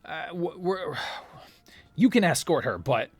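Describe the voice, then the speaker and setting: A flustered, rule-bound officer, voiced by a man, stammers and rushes his words. The sound is dry and close. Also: a little high, expressive, husky, dry recording, pitched above the performer's own voice.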